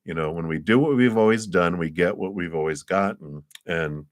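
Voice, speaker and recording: A low-voiced man reads tarot cards on a live stream, talking in an encouraging, meandering way with frequent soft chuckles. His voice is close and dry, with no room around it. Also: normal speed, no room sound. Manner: warm, encouraging, chuckles often, rambling restarts. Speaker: tarot reader.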